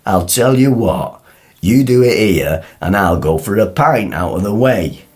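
A gruff sarcastic dad from the North. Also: male voice, fairly low pitch, lively intonation, unhurried, a little mellow. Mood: grumbling. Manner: gruff, dry sarcasm, bickering. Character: grumpy sarcastic working-class father, middle-aged. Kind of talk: sitcom acting.

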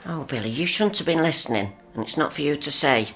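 A woman's voice: deep voice, animated, quick pace, noisy background. A woman playing a prim, scolding but affectionate housewife in a radio play. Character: fussy motherly working-class housewife.

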